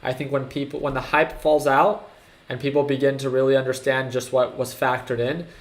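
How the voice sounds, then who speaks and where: Excitable man hosting a trading livestream. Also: mid-range voice, brisk. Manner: excitable, hyping up viewers. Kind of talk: casual livestream commentary.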